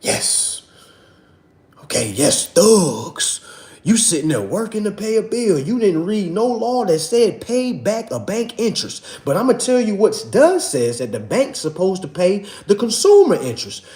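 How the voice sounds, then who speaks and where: Man, high lively voice, preachy and repetitive, livestream lecture, echoey room. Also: a little slow. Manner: preachy, repetitive, calls viewers "family" and "y'all". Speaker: livestream host teaching a finance class.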